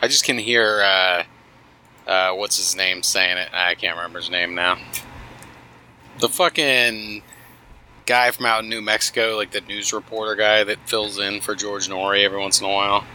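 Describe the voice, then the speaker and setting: Male co-host, deep but sharp-toned voice, loose and chatty, light hiss on the track. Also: fairly even intonation, moderate pace, rough recording. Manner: loose, chatty, swears casually. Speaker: podcast co-host. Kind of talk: casual chat.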